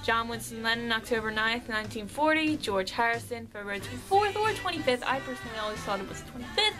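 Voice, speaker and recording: A woman's voice: a little high, animated, fast, over music, rough recording. A young woman vlogger chatting casually through a fan question list, rambling and a bit shy.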